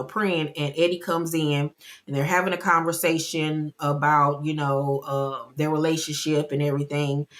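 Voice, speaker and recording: Woman, low voice, chatty show recap, expressive. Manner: chatty and expressive, acting out quotes. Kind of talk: casual episode recap.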